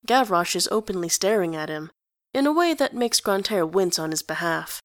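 A woman narrating a story aloud in an even storytelling delivery. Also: fairly low pitch, moderate pace, dry recording, studio quality. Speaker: reader.

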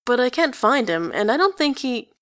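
A woman's voice: a little high, very animated, normal speed, voice pushed up. A woman voicing a nervous, awkward teenage boy who speaks hesitantly and politely in a storybook reading.

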